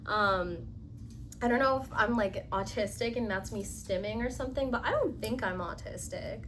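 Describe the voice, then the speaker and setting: A woman's voice: mid-range voice, moderate pace, fairly bright tone, slight background noise. A young woman vlogging casually at home, rambling and giddy, with lots of fillers and squeals while she builds furniture. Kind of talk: casual storytime chat. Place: home room, indoors.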